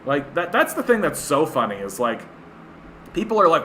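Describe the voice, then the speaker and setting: Canadian male streamer, bright voice, scornful filler-heavy rant. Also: sits high, big pitch swings, moderate pace, a little hiss or hum. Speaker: livestream host. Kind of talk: ranting political commentary.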